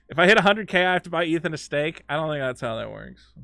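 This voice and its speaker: A man talking on a live game stream, swinging his fairly high voice up and down with plenty of life. His tone is bright and forceful, and the sound is close and dry. He gets excitable, tripping over restarts and swearing freely. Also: gravelly, dry recording. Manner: excitable, stammering, swears a lot. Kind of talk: casual live-stream chat while gaming.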